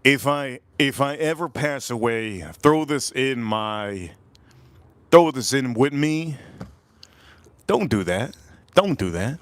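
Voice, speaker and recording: A man's voice: medium pitch, expressive, slow pace, long pauses, a bit bright, dry recording. A man hosting a live stream, rambling through stories and repeating himself as he talks to his chat. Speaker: livestream host.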